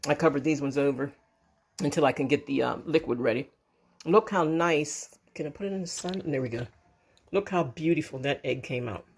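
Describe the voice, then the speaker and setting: A woman's voice: deep voice, normal speed. A woman hosting her own cooking vlog, chatty and rambling with many restarts, filmed on a handheld camera in a home kitchen. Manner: chatty and rambling, with restarts, calls viewers folks. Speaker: channel host. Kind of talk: casual home cooking demo.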